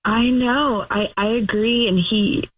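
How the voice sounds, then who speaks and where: A woman's voice: fairly high pitch, fairly even intonation, takes it slowly. Young woman on a tinny phone line. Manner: chatty, gushing, many fillers and restarts. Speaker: caller. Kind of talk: telling a dating story on a call-in show.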